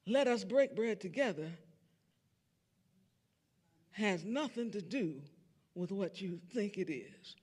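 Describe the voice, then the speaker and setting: An older man tells stories from the stage of a big concert hall, his voice riding high and swooping all over the place. He is a church organist and choir director, animated, singing little bits of tunes as he goes. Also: slightly rough. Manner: animated, sings snippets and acts out quotes. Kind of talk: storytelling lecture.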